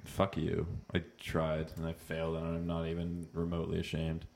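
A man's voice: low voice, completely flat delivery, normal speed, gravelly, darkish tone, a little hiss or hum. A man hosting a podcast while drunk, chatting casually with crude, profane jokes into a mic on a stand. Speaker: podcast host. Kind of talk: casual chat.

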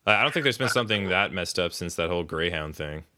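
A man's voice: deep voice, expressive, fast talker, bright, forceful tone. A man co-hosting a podcast in casual chat, rambling, swearing often and laughing mid-sentence. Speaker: podcast co-host.

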